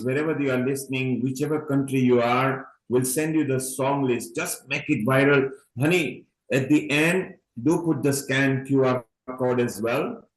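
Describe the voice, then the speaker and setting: A man hosts an online gathering over a video call. He rambles from point to point and calls people honey. His mid-pitched voice carries a noticeable roomy echo. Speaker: host of an online event. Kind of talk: warm encouraging video-call hosting.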